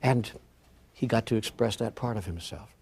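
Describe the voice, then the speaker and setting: Husky-voiced man telling a story. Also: on the low side, normal speed. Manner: animated storyteller acting out dialogue, drops to soft near-whispers. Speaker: spiritual speaker. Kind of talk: storytelling talk.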